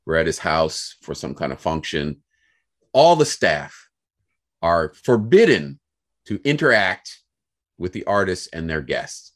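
A young American man telling a work story in a casual, animated way, acting out the people he quotes. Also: low voice, unhurried, pauses often. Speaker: guest.

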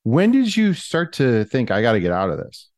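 A man's voice: medium pitch, wildly swooping pitch, normal speed, a little mellow, no echo, clean studio sound. A man hosting an interview, asking questions and reacting with encouragement. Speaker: podcast host.

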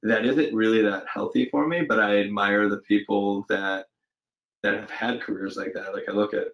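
A man with a fairly low voice answers interview questions about his acting work. He talks thoughtfully and hesitantly, pausing on fillers and starting sentences over as he works out his ideas. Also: fairly even intonation, a bit bright, rough recording. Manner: reflective, hesitant, many fillers and restarts. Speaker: actor guest. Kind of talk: casual interview conversation.

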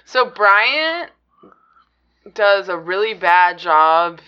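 A woman speaks slowly with a bright edge and lively swings in pitch, dry and sarcastic as she co-hosts a podcast. Her sound is dull and lo-fi. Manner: dry, sarcastic, eye-rolling. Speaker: podcast co-host. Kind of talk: casual banter.

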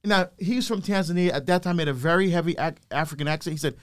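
A man's voice: a little high, fast. A middle-aged man telling his life story animatedly as a guest, acting out voices of people he quotes. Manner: lively, acts out quoted voices. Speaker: deacon and guest speaker.

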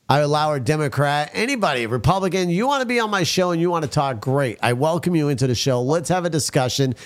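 A man's voice: medium pitch, clean tone. Blunt, crude male talk show host. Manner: blunt and crude, keeps addressing listeners as folks. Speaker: podcast host. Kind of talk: casual talk show banter and rant.

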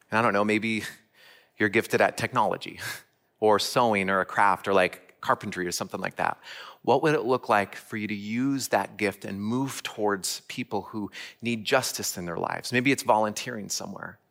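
Guy preaching a sermon, lowish voice, earnest, tells his own story. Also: gravelly, a bit bright. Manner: earnest storytelling with direct questions to listeners. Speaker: church speaker.

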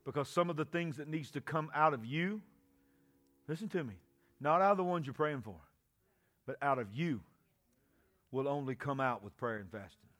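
High, bright-voiced preaching man. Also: animated, normal speed, pauses often. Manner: shouting, call-and-response preaching. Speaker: pastor. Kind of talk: sermon.

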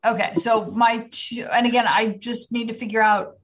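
A woman's voice: fairly high pitch, steady tone, moderate pace, far from the mic, slight background noise. A woman playing a tabletop game, thinking aloud and correcting herself as she talks. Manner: rambling, self-correcting. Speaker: player. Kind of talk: casual tabletop play.

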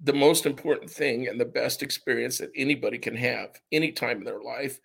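A man's voice: medium pitch, brisk, fairly bright tone. A man speaking as an interview guest, recalling personal experiences in an earnest, reflective way. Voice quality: gravelly, husky. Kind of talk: conversational interview.

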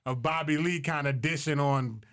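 A man co-hosting a podcast, chiming in with relaxed casual chat. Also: a little high, normal speed, clean tone. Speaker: podcast co-host.

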